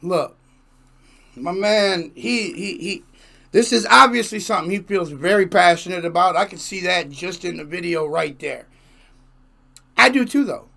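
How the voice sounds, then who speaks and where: A man's voice: high voice, unhurried, vocal fry, pushed and bright. A man hosting a music reaction video, talking in casual, emphatic commentary and repeating himself for effect.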